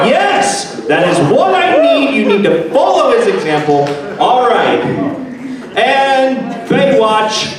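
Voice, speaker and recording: A man hosting a live improv comedy game, playful and directing the players while laughing often. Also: very high voice. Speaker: improv host. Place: convention hall. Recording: echoey hall, distant mic, audience.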